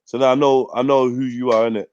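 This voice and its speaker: A man's voice: medium pitch, flat delivery, quick pace, darkish tone, clean tone, dry recording, highs cut off. Blunt, swearing man. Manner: blunt, profane, streetwise slang. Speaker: host of a live news talk stream. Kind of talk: casual livestream rant.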